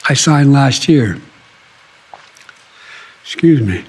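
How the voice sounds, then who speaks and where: Older man, hoarse, slow speech, lively pitch, keeps coughing, noisy clip recording. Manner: coughs and clears throat often, apologizing. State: hoarse, with a cold. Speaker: public speaker. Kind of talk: public speeches. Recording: noisy compilation of speech clips.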